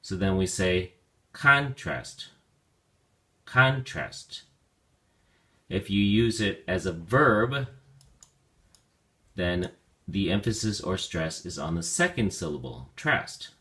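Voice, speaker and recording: A man teaching a vocabulary lesson, speaking slowly and deliberately and stretching out key words for learners. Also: low-pitched, lively intonation, fairly bright tone.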